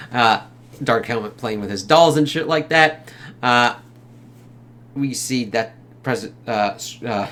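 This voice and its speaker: A man's voice: medium pitch, fairly bright tone. A man giving a casual spoken movie review, rambling loosely, swearing a lot and laughing often.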